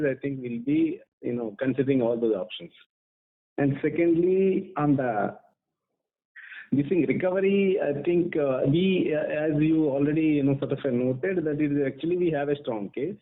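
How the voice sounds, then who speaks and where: Firm lawyer on a phone line. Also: male voice, on the high side. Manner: firm, repetitive with tag questions. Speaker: general counsel. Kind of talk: conference call answers.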